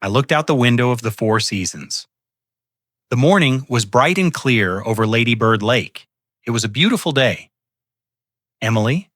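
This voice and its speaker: A man narrating a first-person story, speaking calmly and deliberately. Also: medium pitch, dry recording, clean studio sound. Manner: calm, measured, coldly deliberate.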